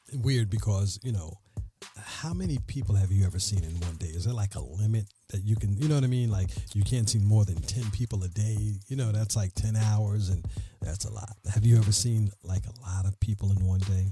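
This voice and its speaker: A man's voice: on the low side, moderate pace, dark tone, soft background music. A man hosting a podcast interview in a studio, chatty and laid-back, laughing easily. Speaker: podcast host. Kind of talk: casual interview.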